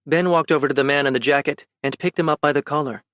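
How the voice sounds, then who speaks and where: A man's voice: fairly high pitch, fairly even intonation, fast, a bit bright, no echo. Male audiobook narrator, dry close sound.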